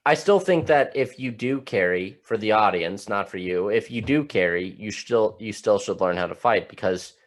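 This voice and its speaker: Blunt, profane man hosting with a low voice. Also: lively intonation, moderate pace, hardly any pauses. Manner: blunt, profane, restarts and stumbles over questions. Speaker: podcast host. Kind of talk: casual podcast chat.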